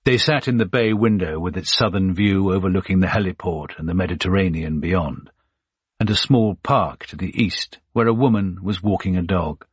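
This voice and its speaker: A man reads an audiobook in a very low voice with a husky grain. He tells the story at a steady, measured pace. The sound is dry and close, with no room around it. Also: dry recording. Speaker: audiobook narrator. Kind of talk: scripted audiobook narration.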